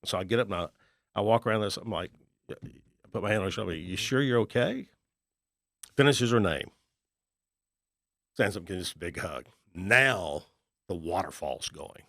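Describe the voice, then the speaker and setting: A middle-aged man with a very deep, gravelly voice tells stories in a podcast interview. He acts out the voices of the people he talks about in a folksy way. The recording is close and dry. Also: moderate pace, long pauses, no echo. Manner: folksy, animated storyteller acting out dialogue. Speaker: guest, real estate investor and author.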